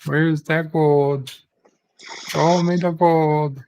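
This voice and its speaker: A jolly Irish treasure hunter, voiced by a man in a put-on Irish accent. He drawls slowly with a gravelly edge. The tone is hearty and playful. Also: on the high side, steady tone, a little mellow, voice pushed up, poor audio. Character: jolly Irish man hunting leprechaun gold.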